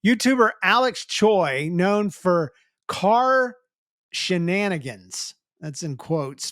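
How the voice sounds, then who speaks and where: High-voiced joking man. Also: fairly bright tone, dry recording, studio quality. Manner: joking, teasing, chatty. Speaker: podcast host. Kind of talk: casual comedic chat.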